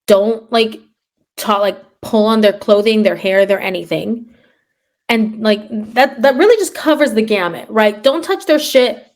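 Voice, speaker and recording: A woman's voice: mid-range voice, a little slow. A young adult woman who teaches third grade, hosting a casual chat and telling classroom stories with sarcasm. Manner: sarcastic, animated storyteller acting out classroom quotes.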